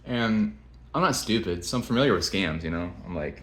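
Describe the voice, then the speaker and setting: A man's voice: fairly low pitch, lively intonation, fairly quick. A young man telling a story to camera in a rambling, blunt, profane way with many restarts. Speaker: vlogger. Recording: echoey room.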